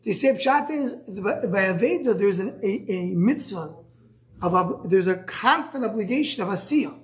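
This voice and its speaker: A man's voice: sits high, expressive, normal speed. Style man teaching a Talmud class. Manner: thinks aloud with many restarts, fields student questions.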